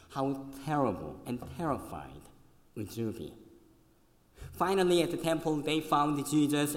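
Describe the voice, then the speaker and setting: Slow, animated preacher in an echoey hall. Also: male voice, on the high side. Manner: conversational storytelling, asking the listeners questions. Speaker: pastor. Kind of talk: sermon. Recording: echoey hall with long reverb.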